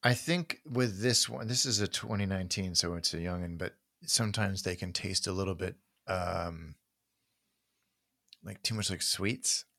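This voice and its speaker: A man's voice: low-pitched, moderate pace, gravelly, sharp tone, no room sound, clean studio sound. A man co-hosting a podcast, chatting casually and enthusiastically about wine in a rambling way. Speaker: podcast co-host. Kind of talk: casual chat.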